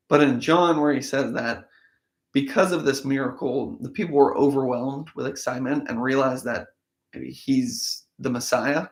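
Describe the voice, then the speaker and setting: A man, his voice a little hoarse from a cold, reads scripture aloud and stops to muse on it in a relaxed, conversational way. His voice sits at an ordinary middle pitch, and the echoey room rings around his words. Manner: thinks aloud, conversational asides. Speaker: host of a daily Bible reading show. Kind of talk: casual scripture reading with commentary.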